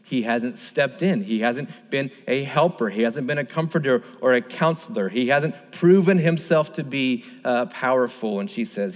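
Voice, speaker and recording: Male pastor delivering an emphatic, questioning sermon at a medium pitch, with reverb from a large hall. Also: moderate pace, few pauses. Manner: emphatic, repetitive, asks the listeners rhetorical questions.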